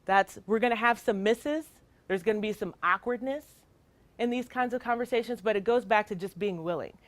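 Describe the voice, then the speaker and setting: A woman's voice: mid-range voice, brisk, no room sound. A middle-aged woman, a child welfare worker, giving an earnest, emphatic training talk with rhetorical questions.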